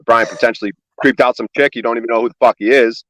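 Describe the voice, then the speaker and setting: A man rattling off a rapid, sarcastic comedic rant, swearing constantly and sounding exasperated. His voice sits at an ordinary pitch and sounds close and dry, with no room around it. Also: steady tone, a bit bright, no room sound, low-quality recording. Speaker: comedian guest on a livestream podcast.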